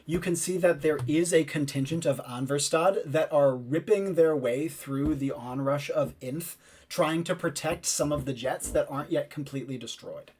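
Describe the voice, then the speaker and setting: A man narrating a tabletop game as game master, describing scenes in an unhurried way with occasional fillers. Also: fairly high pitch, a little mellow, husky.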